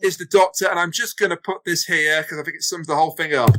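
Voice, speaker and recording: A man's voice: a little high, steady tone, fast, a bit bright, rough recording. A man co-hosting a casual review podcast, earnest and emphatic in his opinions. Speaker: podcast co-host. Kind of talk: casual chat.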